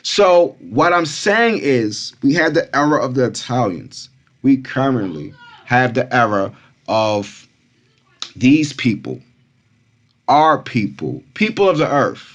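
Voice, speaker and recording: Taking things slowly in a medium-pitched voice, a man from Brooklyn, New York, hosts a casual crypto vlog. He's lively and repetitive with his followers and calls them Kumas throughout.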